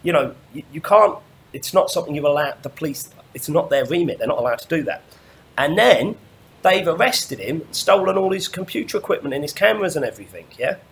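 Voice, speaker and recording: A man's voice: fairly high pitch, animated, a little fast, gravelly, slight background noise. A man delivering a rambling monologue rant, stumbling over restarts and swearing often. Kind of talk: ranting monologue.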